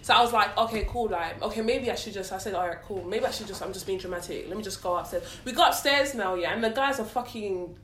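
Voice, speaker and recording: A woman's voice: medium pitch, fairly bright tone, roomy sound, distant mic, slight background noise. A woman in her twenties with a London accent, telling a story in casual chat, acting out the lines of people she quotes. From London, England. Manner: rapid, storytelling, acts out quotes, laughs often.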